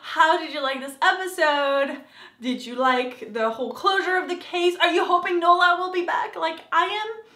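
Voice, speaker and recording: A young woman giving an animated, gushing review of a TV episode in a casual vlog, acting out quotes as she goes. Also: extremely high pitch, moderate pace, echoey room.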